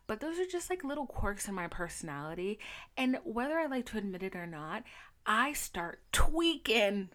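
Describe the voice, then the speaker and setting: A young adult woman hosting a solo podcast, chatting candidly with profanity and animated storytelling. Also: medium pitch, a little fast. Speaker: podcast host. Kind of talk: casual solo podcast chat.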